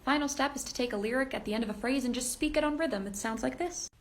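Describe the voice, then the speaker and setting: A woman's voice: high voice, fast talker. A woman explaining step by step, in an upbeat and chatty way, how to sing like pop singers. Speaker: singer and impressionist. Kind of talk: casual singing tutorial.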